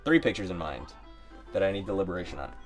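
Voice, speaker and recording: A man from Ohio, United States, is an artist livestreaming as he works, chatting casually, rambling, joking and talking to himself. His voice sits low with big swings in pitch and a quick pace, over soft background music.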